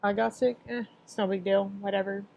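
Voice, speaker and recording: A woman's voice: medium pitch, steady tone, brisk, vocal fry, a little mellow, no room sound, rough recording. A young woman in her twenties telling her own story in a casual, rambling way, full of filler phrases and emotional at times. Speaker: cancer survivor sharing her story. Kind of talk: casual personal testimony.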